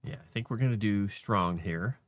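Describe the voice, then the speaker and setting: A man on a casual livestream, thinking aloud to himself as he formats a document and grumbling at the software. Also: on the low side, normal speed, dry recording. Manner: mutters to himself while working, grumbles at software.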